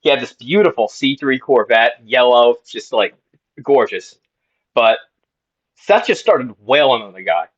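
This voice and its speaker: A man's voice: medium pitch, animated, measured pace, lo-fi sound. A man co-hosting a comedy video, recounting an absurd story in a dry, matter-of-fact way. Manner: dry, matter-of-fact, feeding straight lines. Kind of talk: deadpan mock apology, improvised comedy.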